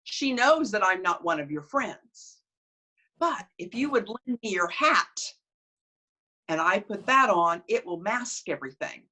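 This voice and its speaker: A woman's voice: mid-range voice, expressive, measured pace, bright, forceful tone. Coyote, a woman doing a sly storybook trickster.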